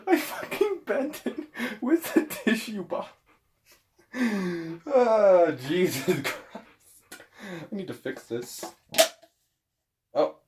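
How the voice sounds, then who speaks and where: Brief: male vlogger, jumpy and animated, slow and drawn-out delivery, cusses freely. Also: high voice, slight background noise. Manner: excitable, swears, yelps and shouts at misses; talks to his dog and himself. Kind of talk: casual self-talk while filming.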